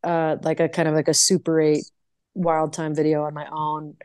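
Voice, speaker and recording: A woman's voice: deep voice, monotone, moderate pace, a little mellow, clear, resonant tone, no room sound. A woman guest on a podcast, chatting casually, laughing easily and acting out conversations as she tells a story. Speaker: guest musician.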